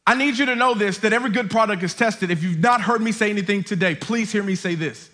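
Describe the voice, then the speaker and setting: High, bright-voiced preaching man. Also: fast talker. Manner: emphatic preaching with repeated refrains, building to shouts. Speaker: campus pastor. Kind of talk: sermon. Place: church auditorium. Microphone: lapel mic.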